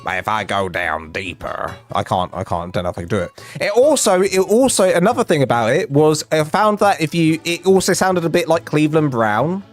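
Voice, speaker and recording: A man's voice: fairly high pitch, sing-song, fairly quick, few pauses, soft background music. A man chatting casually on a live game stream, rambling and self-deprecating with a jokey manner. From England.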